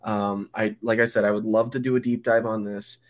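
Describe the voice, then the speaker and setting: A man's voice: lowish voice, level tone, a little fast. A young man co-hosting a football podcast, chatting casually and rambling with many fillers and restarts. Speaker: podcast co-host. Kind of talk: casual sports chat.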